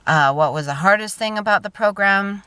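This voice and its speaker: A woman's voice: medium pitch, a little fast, sharp tone, clear, resonant tone, no room sound. A woman in her thirties talking casually to camera in a personal vlog, chatty and emotional, often trailing off and restarting. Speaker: vlogger.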